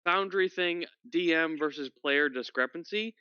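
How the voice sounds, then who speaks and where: A man's voice: on the high side, moderate pace, clean tone, dry recording, highs cut off. A man from Minnesota chatting casually with fellow tabletop players, rambling and poking fun at himself. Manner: rambling, self-deprecating. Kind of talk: casual chat among gamers.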